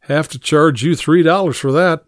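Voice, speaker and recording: A man's voice: fairly high pitch, normal speed, no room sound, clean studio sound, voice pushed up, lightly acted. A man doing a terse New England cabbie. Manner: terse, haggling. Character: thrifty New England taxi driver, stubborn.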